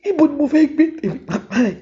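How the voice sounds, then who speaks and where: A woman's voice: sits high, big pitch swings, racing, dark tone. A Nigerian comedian, a woman, giving a tearful, pleading video statement, switching between Yoruba and English. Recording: dull lo-fi audio.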